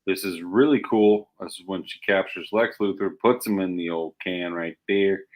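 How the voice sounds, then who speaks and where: A man co-hosting a live comic shopping stream, pitching books and games with animated asides. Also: normal speed, low-quality recording. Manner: animated, acts out story voices. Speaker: co-host selling comics.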